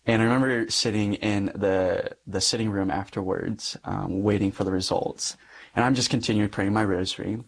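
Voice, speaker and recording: A man's voice: on the low side, steady tone, normal speed, vocal fry. A young adult man, a Catholic priest, giving a personal testimony in conversation, acting out the dialogue in his story with frequent light laughs.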